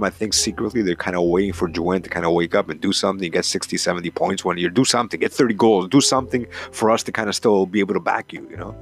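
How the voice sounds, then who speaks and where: A man hosting a hockey talk show, ranting in a profane, heated, rambling way. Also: sits low. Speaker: hockey podcast host. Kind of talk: casual rant, reading a column aloud.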